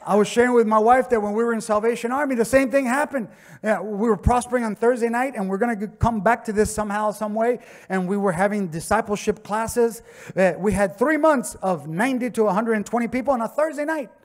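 Miami pastor guy preaching, high voice, chatty stories then gets fired up and loud. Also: brisk. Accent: Miami English. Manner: impassioned preaching that builds to shouting; conversational storytelling with acted quotes. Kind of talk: sermon. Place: church sanctuary.

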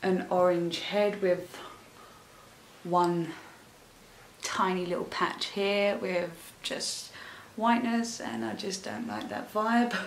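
A young woman vlogging a makeup try-on, talking at an unhurried, drawn-out pace and wandering off into asides. She gushes whenever something impresses her. Her voice bounces around a reverberant room with a faint hum of ambience underneath. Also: medium pitch, creaky. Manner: chatty, rambling, gushing with excitement. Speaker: beauty vlogger. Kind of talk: casual makeup tutorial chat. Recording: echoey room.

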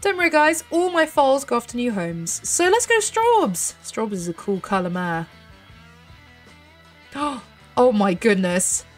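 A British woman of thirty hosts her gaming video in a chatty, bubbly way, thinking aloud and squealing at small wins. Her voice sits a little high. Soft music plays faintly under her talk. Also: big pitch swings, unhurried. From United Kingdom. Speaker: gaming channel host. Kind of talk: casual gameplay commentary.

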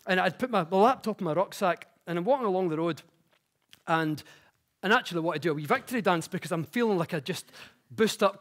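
High-voiced man telling stories on stage. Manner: chatty, self-mocking storytelling that grows animated. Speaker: conference speaker. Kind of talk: public talk with personal anecdotes. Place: conference stage before an audience.

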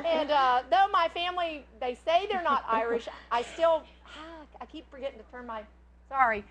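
A woman's voice: high voice, normal speed, a crowd in the background. A woman with a Southern American accent who hosts a cooking class and tells chatty stories into a clip-on mic. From Georgia, American South. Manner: chatty, storytelling, animated. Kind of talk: casual cooking class chat.

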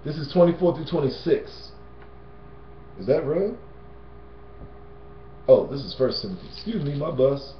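A man's voice: mid-range voice, a little hiss or hum. A man giving a casual Bible teaching in a slangy, conversational way, often adding "you know what I'm saying" and "man.". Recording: roomy, dull lo-fi sound.

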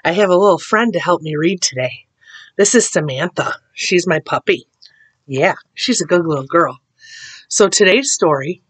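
A woman reading a picture book aloud to children, slow and expressive, with little asides. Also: on the low side, no echo. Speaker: storyteller.

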